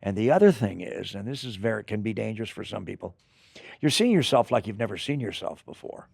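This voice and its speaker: An older man, an actor being interviewed, telling rambling, animated stories in casual chat. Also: lowish voice, a little fast, vocal fry, breathy edge, dry recording, studio quality. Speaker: actor guest.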